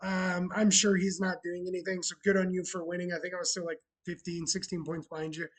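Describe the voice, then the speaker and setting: Chatty high-voiced husky man. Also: monotone, brisk, poor audio. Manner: chatty and sarcastic, shouting greetings to viewers. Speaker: streamer running a bar roleplay channel. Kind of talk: casual live-stream chat.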